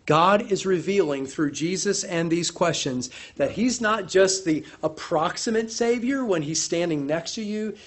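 A man delivers a sermon in an animated preaching style. His voice sits a little high for a man. He often acts out the voices of the people he quotes and repeats words as he builds emphasis. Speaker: pastor.

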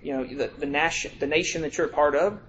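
A man with a high-pitched voice preaches a sermon. His talk is conversational and he often checks in with the congregation. When he reads scripture, he slows right down and stretches out each phrase for emphasis. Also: steady tone, fairly bright tone, lo-fi sound, slight background noise. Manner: reads scripture aloud in slow, drawn-out emphasis.

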